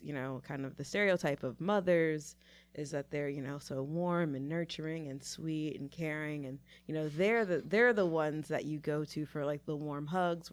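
Playful woman podcast co-host. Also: low voice. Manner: playful, joking, rambling with fillers. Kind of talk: casual podcast chat.

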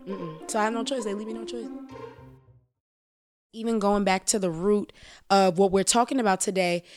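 A woman talking on a podcast in a lively, emphatic way. She drops casual slang and speaks at an everyday pitch for a woman. Faint music plays underneath. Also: moderate pace. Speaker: podcast guest, entrepreneur.

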